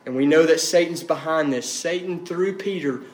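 Male pastor, fairly high voice, emphatic sermon delivery that hammers key phrases; roomy echo. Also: moderate pace. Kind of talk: expository sermon. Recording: echoey room.

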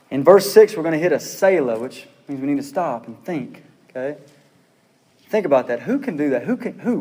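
Pastor guy preaching, kinda high voice, lots of questions, church hall echo. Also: a little mellow. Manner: earnest preaching, rhetorical questions, repeats phrases. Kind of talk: sermon.

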